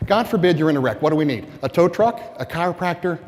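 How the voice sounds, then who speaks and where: A man giving a conference keynote speech to sales staff, animated and rhetorical, often asking the audience questions. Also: a little high, fast talker, a little hiss or hum. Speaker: keynote speaker. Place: conference hall. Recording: long reverb of a large hall.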